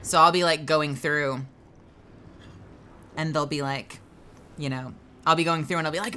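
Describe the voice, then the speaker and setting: A young woman voice actor chatting casually on a live gaming stream, animated and quick to laugh. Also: clear, resonant tone. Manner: animated, laughs often, bursts into loud high outbursts.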